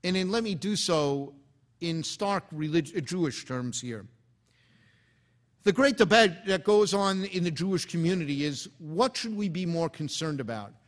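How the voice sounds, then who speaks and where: A man delivering a formal, impassioned speech, rising in emphasis on key words and dropping quietly at the ends of phrases. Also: fairly high pitch, expressive, a little slow. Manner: impassioned, oratorical cadence. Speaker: speaker.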